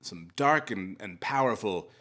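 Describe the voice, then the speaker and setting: Rambling young man, bright and animated. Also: fairly low pitch, measured pace. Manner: rambling, hesitant, joking. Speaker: podcast co-host. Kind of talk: casual chat.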